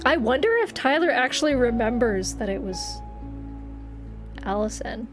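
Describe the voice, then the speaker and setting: High-voiced woman streamer over game music. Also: moderate pace. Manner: expressive, swears, laughs often. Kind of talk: live gameplay commentary.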